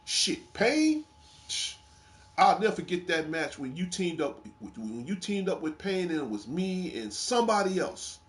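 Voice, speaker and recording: A man's voice: high-pitched, a little slow. A man hosting a casual gaming chat, telling wrestling game stories with lots of laughing and swearing. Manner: animated storytelling, laughing, swearing freely. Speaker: gaming show host.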